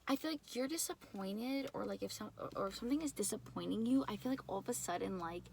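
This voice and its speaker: A woman with a New York accent giving a casual, rambling tarot reading, full of fillers and quick laughs. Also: mid-range voice, vocal fry, darkish tone, slight background noise. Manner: chatty, rambling, lots of "like" and laughs. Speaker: tarot reader.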